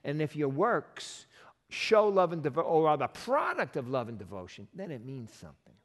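A man pastor delivers a sermon with a lively, swooping voice that sits a little high for a man. He talks conversationally and keeps throwing rhetorical questions at the room. His voice rings out with a long reverb, as in a big church sanctuary. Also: normal speed.

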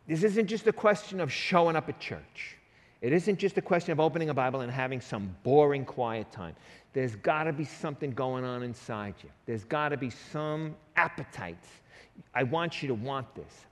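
A man's voice: medium pitch, expressive, normal speed. A man preaching a sermon as a pastor, with a pleading, conversational way of talking and frequent asides. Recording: reverberant hall.

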